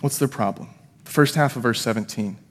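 A man's voice: medium pitch, a little fast. A man in his thirties, a pastor preaching a sermon in a church, telling a personal story in a conversational way with self-deprecating asides. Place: church sanctuary. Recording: long hall reverb.

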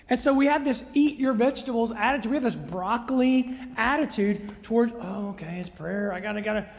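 A man's voice: extremely high pitch, darkish tone. A man preaching a conversational sermon as pastor, often checking in with his listeners. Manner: chatty, checks in with listeners by asking "right?". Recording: long reverb of a large hall.

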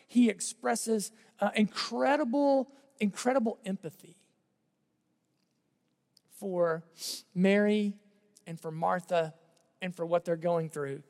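A man preaching a sermon in a conversational way, repeating phrases and letting his voice drop softly at the ends of lines. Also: high voice, big-room sound. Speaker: pastor.

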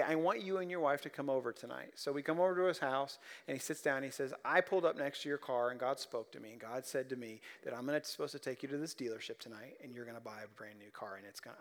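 A male pastor preaching a sermon, telling stories and swinging between quiet, soft moments and loud, emphatic ones. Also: medium pitch.

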